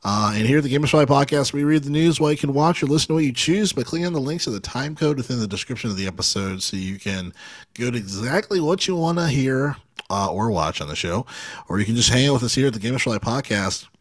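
A man's voice: medium pitch, fast talker, dry recording. Brief: male host, mid-range voice, easygoing, reads promos, dry close mic. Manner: laughs often, reads show plugs in a relaxed way. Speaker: podcast host. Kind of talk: casual chat.

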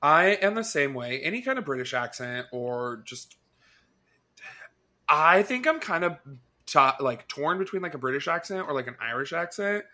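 A man's voice: fairly high pitch, lively intonation, normal speed, bright, forceful tone. A man from the United States co-hosting a podcast, chatting casually and asking questions. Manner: chatty, upbeat, asks questions. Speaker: podcast co-host. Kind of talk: casual chat.

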